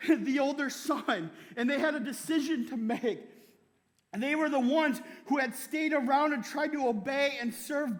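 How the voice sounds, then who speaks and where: A man preaching in church with a strikingly high voice, talking to the congregation like a friend. He keeps checking in with "right?" and slips laughs into his sentences. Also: a bit bright, big-room sound. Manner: conversational preaching, tags many lines with "right?"; laughs often while speaking. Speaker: pastor. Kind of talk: sermon.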